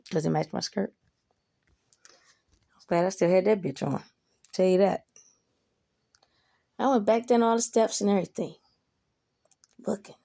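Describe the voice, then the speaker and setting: Woman, casual storyteller; rambling and profane, with a higher-pitched voice. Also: creaky, mellow. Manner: profane, rambling, asks listener "you know?".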